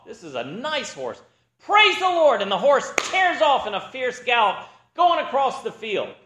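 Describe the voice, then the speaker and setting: A man preaching in an echoey room, his high voice swinging up and down as he tells a joke and acts out each character. His tone is bright and forward, the manner of a practiced storyteller. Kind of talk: sermon with a joke opener.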